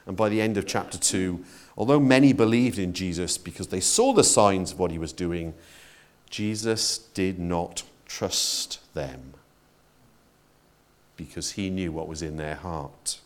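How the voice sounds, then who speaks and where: Animated male preacher. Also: unhurried. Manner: expressive, conversational preaching with wide swings in pitch and loudness. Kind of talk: sermon.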